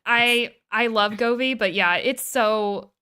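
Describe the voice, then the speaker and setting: A woman co-hosting a gaming podcast in casual conversation. Her voice is bright and smooth, and she talks in animated, rambling bursts, swearing freely. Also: on the high side, slow pace. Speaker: streamer and podcast co-host. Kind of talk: casual chat.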